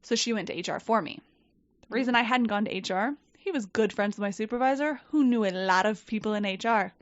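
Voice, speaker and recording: A woman telling a story in casual chat, animated and swearing, acting out quoted people. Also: medium pitch, fast talker, dry recording. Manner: animated, profane, quotes people in lively voices. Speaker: podcast guest. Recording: dull, dry podcast mic.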